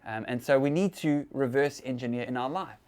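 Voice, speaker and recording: A man's voice: mid-range voice, fairly quick, a little mellow. Chatty man giving a church talk. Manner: conversational, chatty with laughs and fillers.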